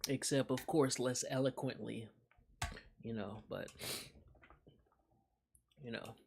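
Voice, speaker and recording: A young man talks loosely with viewers on a live stream, cursing and laughing as he reacts. His mid-range voice is creaky and unhurried, with a faint hiss or hum in the audio.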